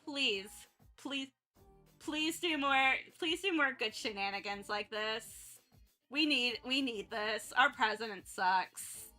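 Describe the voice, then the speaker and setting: A woman's voice: a little high, slow pace, pushed and bright, soft background music. A young woman from North Carolina chatting casually on a livestream, rambling with lots of restarts and fillers. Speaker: art streamer.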